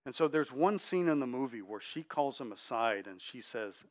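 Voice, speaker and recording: With a medium-pitched, expressive voice and moderate pace, a middle-aged man gives a sermon in a conversational style. He talks easily with listeners, checking in on them, and lowers his voice gently for emphasis.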